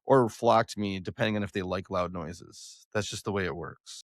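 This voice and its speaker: A young man hosting a podcast, joking loudly with a flat announcer-like delivery. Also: low voice, moderate pace, no echo, clean studio sound. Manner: loud, joking, self-described monotone announcer delivery. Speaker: podcast host. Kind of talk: casual podcast chat.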